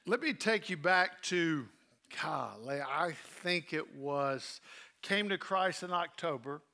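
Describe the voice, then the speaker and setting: A man preaching a sermon woven with personal memories, earnest and heartfelt. His voice sits a little high and sounds bright and forceful. He eases into quiet, soft delivery at the tender moments. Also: lively intonation, slow pace, vocal fry. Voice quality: earnest, drops soft when emotional.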